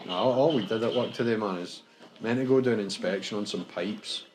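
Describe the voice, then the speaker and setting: Laid-back Scottish male co-host, low pitch, blunt sweary commentary, faint game music behind. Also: brisk, a little mellow, low-quality recording. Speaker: gaming co-host. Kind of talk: casual let's-play banter.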